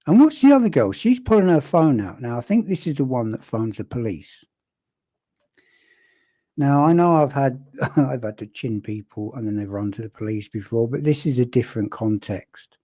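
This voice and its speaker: A man breaks down a video clip in a loose, wry way, stopping and restarting as he thinks. His voice is warm and mellow. The sound is dry and close. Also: medium pitch, no echo. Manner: conversational, wry, with pauses and restarts. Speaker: commentator analysing a video clip. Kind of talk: casual video commentary.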